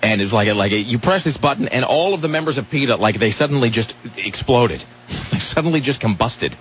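A man's voice: medium pitch, animated, a little fast, fairly bright tone, muffled recording, slight background noise. A man hosting a comedic talk radio show, rambling and sarcastic, often cutting himself off mid-sentence. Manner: sarcastic, rambling, self-interrupting.

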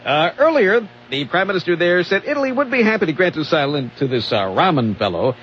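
A man co-hosting a talk radio show, reading news items with quick, dry delivery and wry asides. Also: on the high side, sing-song, dull audio, slight background noise.

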